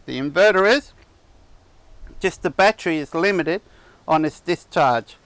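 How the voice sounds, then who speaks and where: Chatty man, smooth and dry. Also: a little high, animated, unhurried, fairly bright tone, no room sound. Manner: rambling, chatty, with restarts. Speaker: camping channel host. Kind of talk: casual vlog chat. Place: outdoor campsite on a cattle property.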